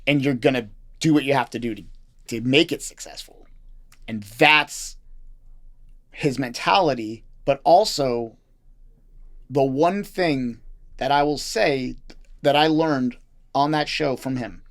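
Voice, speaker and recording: A man's voice: mid-range voice, unhurried, pauses often. A man who is a chef and restaurant owner, talking bluntly and with animation as a guest in a casual interview, swearing freely.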